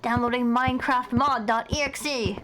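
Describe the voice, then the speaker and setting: A young woman streaming horror games live, talking excitably and profanely and shrieking at the scares. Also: on the high side, moderate pace, noisy background. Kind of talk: live gameplay commentary.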